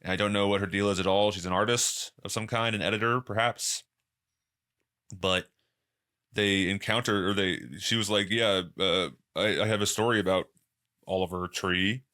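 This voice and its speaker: Casual man with a bright voice. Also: steady tone, normal speed, clear, resonant tone. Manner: loose, rambling, quotes people in exaggerated high voices. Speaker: podcast host. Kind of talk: casual solo commentary.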